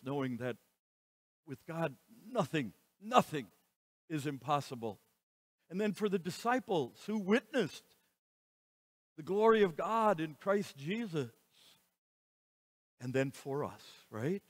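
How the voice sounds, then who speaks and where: A man giving a sermon as pastor, moving between quiet passages and loud, emphatic lines. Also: fairly high pitch, sing-song, slow, pauses often, no room sound. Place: church.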